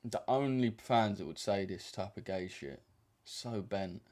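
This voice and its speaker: Low-ish and a touch mellow, this young man's voice moves a little slowly as he chats on his trading livestream. His banter is relaxed and slangy, peppered with plenty of fillers.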